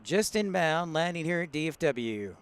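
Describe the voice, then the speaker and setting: Chatty man with a smooth, higher voice. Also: big pitch swings, moderate pace. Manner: chatty, greets viewers by name, laughs often. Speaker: live-stream host, plane spotter. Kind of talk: casual live-stream chat. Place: outdoors at a large airport.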